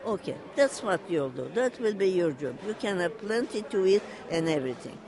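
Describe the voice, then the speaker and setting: Halting storyteller over crowd chatter. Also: mid-range voice, expressive, low-quality recording. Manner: halting, repeats phrases, relays quotes. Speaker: interviewee. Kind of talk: oral history retelling.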